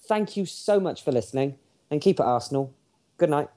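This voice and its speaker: A man's voice: a little high, animated, brisk, mellow. A man co-hosting a casual football podcast, teasing the others dryly. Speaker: podcast host. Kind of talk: casual chat on a call.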